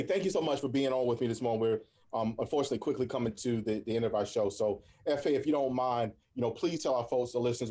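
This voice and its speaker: Male radio host, mellow tone, upbeat and encouraging, repeats himself for emphasis. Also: medium pitch. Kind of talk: casual radio talk.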